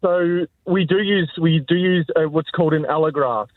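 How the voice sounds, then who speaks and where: An Australian man calling a radio show, explaining surgical bone grafts in a brisk, matter-of-fact way. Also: on the high side, dry recording. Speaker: caller, hip and knee replacement specialist. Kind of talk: phone-in explanation. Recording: tinny phone line.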